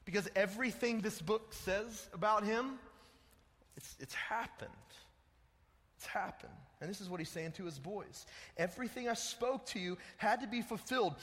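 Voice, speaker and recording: A man's voice: high voice, normal speed, a bit bright. A young man preaching a sermon in a casual, slangy way, calling listeners dude and bro. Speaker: pastor. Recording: echoey hall with long reverb.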